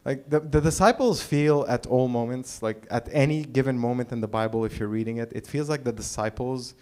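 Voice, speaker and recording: Brief: male stand-up comic from the Middle East, dry and hesitant, mid-pitched, open mic set. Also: a little mellow. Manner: halting and dry, full of uh and like. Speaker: stand-up comedian. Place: small live comedy venue.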